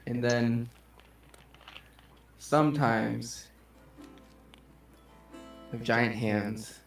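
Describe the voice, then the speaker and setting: A male player in a casual tabletop game who gives slow, drawn-out descriptions. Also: mid-range voice, creaky, soft background music. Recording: echoey room, distant mic.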